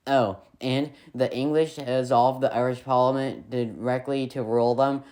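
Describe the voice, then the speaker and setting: A man's voice: medium pitch, fairly even intonation, measured pace, hardly any pauses, a little mellow. A man narrating a history video in a scripted way, with playful, sarcastic asides.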